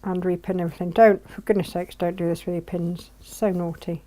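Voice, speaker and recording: A woman with a fairly low, mellow voice that barely moves in pitch talks quickly while sewing, the machine audible behind her. In this chatty vlog tutorial, she walks through every step and pokes fun at herself along the way.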